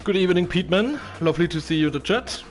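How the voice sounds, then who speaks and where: A man's voice: sits high, lively intonation, very fast, soft background music. A man commentating a racing stream in casual chat, hesitant and full of fillers.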